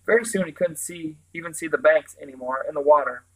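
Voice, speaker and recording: Male storybook reader, somewhat high voice, steady plain narration. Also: fast, poor audio. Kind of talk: reading a children's book aloud.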